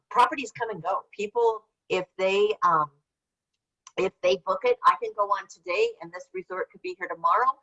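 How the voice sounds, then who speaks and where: A woman's voice: fairly low pitch, gravelly, sharp tone, husky. Chatty older woman on a dull call line. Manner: chatty, rambling, answers typed questions. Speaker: webinar presenter. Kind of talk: casual online workshop presentation. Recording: slightly dull lo-fi call audio.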